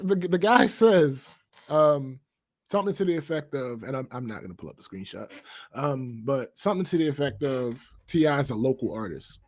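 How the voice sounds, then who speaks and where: A man's voice: medium pitch, expressive, brisk. A man co-hosting a podcast in casual chat, blunt and profane, often laughing. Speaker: podcast co-host.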